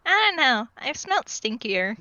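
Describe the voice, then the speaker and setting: A woman voicing a shy, glitter-loving young toon who speaks haltingly. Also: high-pitched, very animated, bright, forceful tone, dry recording, dull audio, exaggerated voice. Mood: shrugging.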